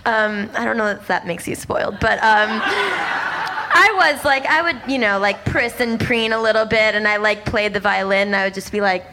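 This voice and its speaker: A young woman doing stand-up, telling a story in an animated, rapid way with lots of "like" and exaggerated character voices. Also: medium pitch, slight background noise. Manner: rapid, breathless asides with lots of "like". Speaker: stand-up comedian.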